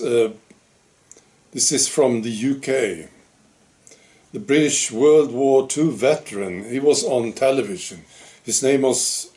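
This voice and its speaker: Slow, halting man. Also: medium pitch, darkish tone. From Sweden. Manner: slow, halting, restarts often. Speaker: commentary channel host. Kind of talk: casual monologue commentary.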